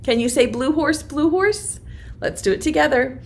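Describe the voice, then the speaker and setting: A woman's voice: high voice, normal speed, vocal fry. A woman, a preschool teacher, leading an online circle time and reading a rhyming picture book to small children in a sing-song voice.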